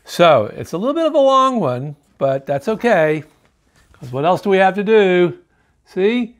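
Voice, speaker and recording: A man reading a children's picture book aloud to kids, lively and showing the pictures as he goes. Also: sits high. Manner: lively, animated storytelling, pausing to show pictures.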